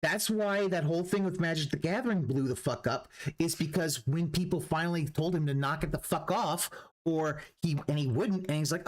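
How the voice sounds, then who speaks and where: A man's voice: fairly high pitch, moderate pace. A man streaming a reaction, ranting profanely and restarting his sentences as he goes. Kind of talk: livestream reaction commentary.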